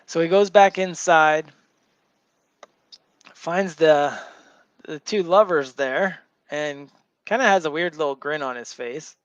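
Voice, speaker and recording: A man's voice: fairly high pitch, takes it slowly, pauses often, clean tone, no room sound, dull audio. A man hosting a show, casually retelling a story to a co-host in a loose, rambling way full of fillers. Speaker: show host recapping a comic.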